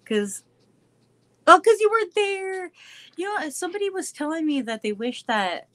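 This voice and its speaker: A woman's voice: very high-pitched, big pitch swings, measured pace, fairly bright tone. Bubbly, giggly woman chatting with viewers. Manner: bubbly, giggly, talks baby talk to her dogs. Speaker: show host chatting with viewers. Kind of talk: casual live-stream chat.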